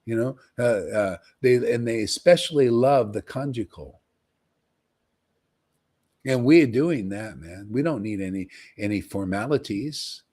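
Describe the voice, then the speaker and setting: A man preaching on a livestream in an emphatic, animated way, often tossing in "man.". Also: medium pitch, measured pace, breathy edge. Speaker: spiritual teacher.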